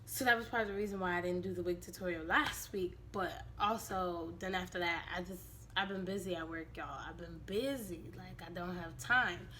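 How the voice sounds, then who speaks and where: Hoarse chatty woman vlogger. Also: on the low side, slight background noise. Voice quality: raspy. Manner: chatty and animated, quick asides. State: hoarse from allergies. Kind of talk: casual chat to viewers.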